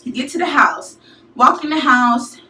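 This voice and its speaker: A young woman from St. Louis telling a college story to her viewers in a casual, slangy, animated way. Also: high-pitched, a little slow, slight background noise. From St. Louis, USA. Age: young adult. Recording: echoey room, mic at a distance.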